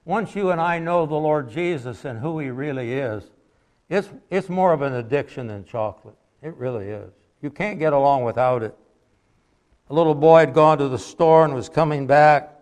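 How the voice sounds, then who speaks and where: A man preaching an evening sermon in a folksy, conversational way, with homely anecdotes and quiet endings to his points. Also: fairly high pitch. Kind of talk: sermon with storytelling.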